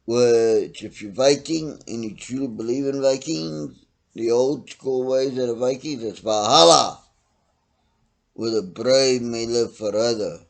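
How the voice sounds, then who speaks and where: A middle-aged man delivers a profane opinion rant at a slow, deliberate pace, with a mid-pitched voice. He talks bluntly, rising to loud outbursts and then dropping to low mutters. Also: creaky. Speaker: vlogger ranting to camera.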